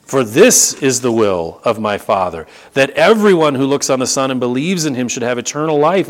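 Animated male preacher reading scripture. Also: mid-range voice. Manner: animated, repeats words for emphasis, slows to stress key phrases. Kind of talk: sermon reading and expounding scripture.

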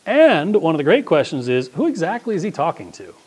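Guy preaching, chatty and emphatic, voice a bit high and bouncing all over. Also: a little fast, slightly rough. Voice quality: conversational, animated, emphatic. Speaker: pastor. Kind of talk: sermon.

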